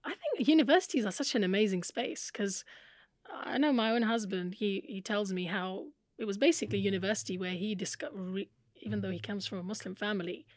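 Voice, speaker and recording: A woman's voice: mid-range voice, a little fast, no room sound, studio quality. A woman interviewing a guest, listening attentively and responding with short affirmations and laughs. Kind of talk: conversational interview.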